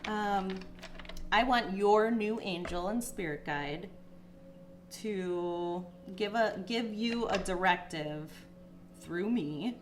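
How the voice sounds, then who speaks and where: This is a woman doing a spiritual tarot reading in a casual, chatty way, packed with fillers. She becomes emotional and sometimes teary, her pitch rising when it happens.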